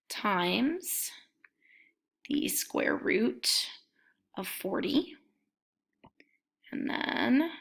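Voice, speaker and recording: A woman's voice: medium pitch, vocal fry, fairly bright tone. A woman math instructor giving a recorded lecture, methodically talking through each step as she writes it out.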